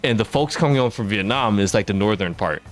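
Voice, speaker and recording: A man's voice: on the low side, expressive, fairly quick. A man with an Eastern American accent, chatting casually while streaming a game and telling rambling stories with many fillers. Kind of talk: casual chat while gaming.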